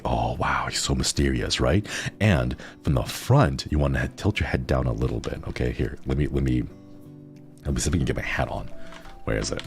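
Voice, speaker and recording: A man's voice: extremely low pitch, gravelly, a little mellow. A man streaming casual chat with viewers, playful and rambling, often laughing.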